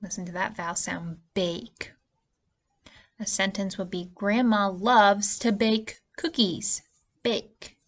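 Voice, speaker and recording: A woman's voice: medium pitch, fairly even intonation, slow pace. A woman teacher giving a spelling lesson to young children, patient and stretching out the vowel sounds. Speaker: early-years teacher.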